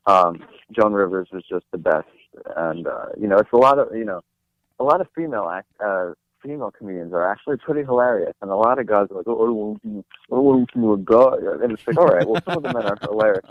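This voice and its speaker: A young man with a very low voice chats loosely as an interview guest. He rambles along, full of fillers and restarts. He comes through a tinny, dry phone line. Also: no echo. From New Jersey. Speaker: guest actor. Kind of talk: casual interview chat.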